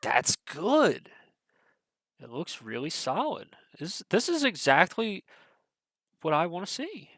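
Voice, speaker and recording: A man's voice: high-pitched, measured pace, no room sound, studio quality. Casual rambling young man, stuffy nose. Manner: rambling, swears a lot, hesitant with many fillers, swings to excited bursts. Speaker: video creator reacting to a trailer. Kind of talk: casual reaction commentary.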